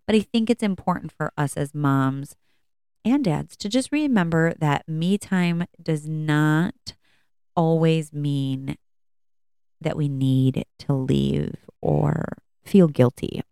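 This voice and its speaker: A woman's voice: sits low, slow, warm tone, smooth, dry recording, studio quality. A woman hosting a podcast from home, talking candidly and casually with lots of fillers and restarts. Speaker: podcast host. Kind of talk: casual personal talk.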